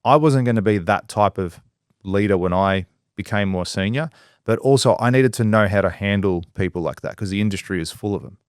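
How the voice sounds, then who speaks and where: Man, business-owner co-host, blunt and foul-mouthed, mid-pitch, dry close sound. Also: brisk, clean tone, dry recording. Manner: blunt and profane, acts out quoted people in lively voices. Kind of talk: casual podcast discussion.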